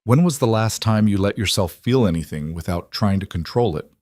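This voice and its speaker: A man voicing a calm single father who talks in a reassuring, practical way. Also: fairly low pitch, fairly quick, dry recording, studio quality, natural voice. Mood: gentle.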